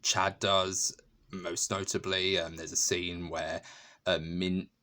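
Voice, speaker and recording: A man's voice: low-pitched, level tone, slow, pushed and bright. A man giving a casual, emotional movie review, full of fillers and restarts and frequent laughter. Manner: laughs often while talking. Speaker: film reviewer.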